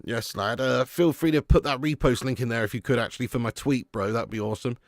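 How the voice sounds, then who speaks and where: A man hosting a live match watch-along, chatting excitedly with viewers and calling them mate and lad. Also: mid-range voice, fast talker, no room sound, clean studio sound. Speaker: fan channel host doing a live match watch-along. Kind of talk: casual live-stream commentary and chat.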